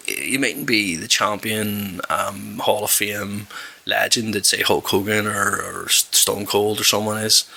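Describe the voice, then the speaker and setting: A podcast host from West Belfast, Northern Ireland, chats casually in a Northern Irish accent, rambling, swearing, and correcting himself with repeated restarts. His lowish voice has vocal fry, a sharp tone, and a breathy edge.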